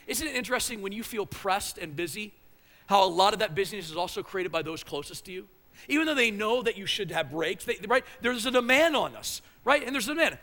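A man's voice: high voice, sharp tone, long reverb tail. A man preaching a sermon in a conversational, emphatic way, often repeating his phrases. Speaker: pastor.

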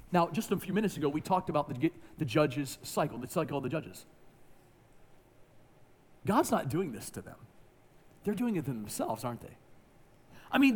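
Man, high-pitched voice, pastor preaching, emphatic, hushed to loud. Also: expressive, normal speed. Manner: emphatic, swings from hushed to near-shouting. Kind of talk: sermon.

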